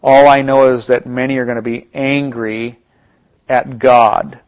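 A man's voice: mid-range voice, level tone, unhurried. A man with an American accent in ministry, giving an earnest, reflective Bible talk with frequent restarts and asides. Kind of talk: conversational Bible teaching.

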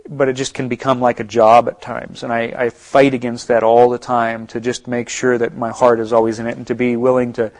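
A man's voice: mid-range voice, darkish tone. A man with an American accent in ministry, giving an earnest, reflective Bible talk with frequent restarts and asides. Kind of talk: conversational Bible teaching.

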